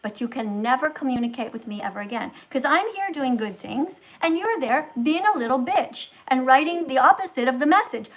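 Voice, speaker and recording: A woman hosting a livestream as a teacher, lecturing and scolding her viewers in a moralizing tone that swings between loud and soft. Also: high-pitched, low-quality recording. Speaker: livestream host posing as a teacher.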